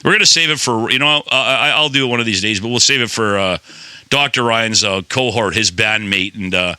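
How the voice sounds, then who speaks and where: A man's voice: lowish voice, a little fast, pushed and bright, smooth, dry recording. A man hosting a podcast in rambling, playful, swearing casual chat. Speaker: podcast host.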